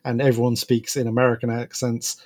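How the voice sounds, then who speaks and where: A man's voice: mid-range voice, little pitch movement, fairly quick, darkish tone. A man co-hosting a podcast in casual chat, laughing often and trailing off with fillers. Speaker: podcast co-host.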